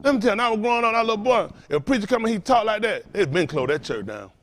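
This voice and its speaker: This high-pitched, animated pastor preaches in rapid-fire style, drawing call-and-response from his congregation. He throws out rhetorical questions and swings between loud, emphatic passages and hushed ones.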